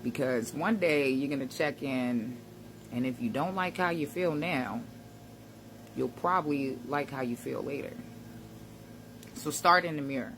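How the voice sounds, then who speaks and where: A woman's voice: rumbling low, unhurried, long pauses, fairly bright tone, slight background noise. A woman giving a casual motivational talk to camera, conversational and reflective, with slang and frequent laughs. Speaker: self-help vlogger.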